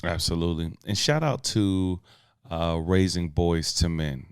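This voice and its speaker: A man with a very low, smooth and resonant voice co-hosts a casual podcast, talking in a relaxed, slangy and playful way. The sound is dry and close, with no room around it. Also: unhurried, no room sound. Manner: laid-back, slangy, playful. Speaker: podcast co-host.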